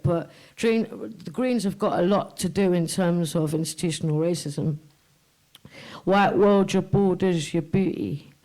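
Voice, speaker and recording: A guest artist talking on a live podcast in a pub, impassioned and swearing, with many pauses. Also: medium pitch, a little mellow, poor audio. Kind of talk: casual live chat. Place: pub room before a live audience.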